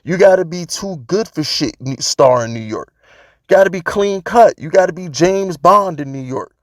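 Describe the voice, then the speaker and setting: A man's voice: sits high, expressive, normal speed, no room sound, clean studio sound. A man vlogging about his football team, talking casually and emphatically, repeating his points to drive them home. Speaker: sports fan vlogger. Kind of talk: casual opinion rant.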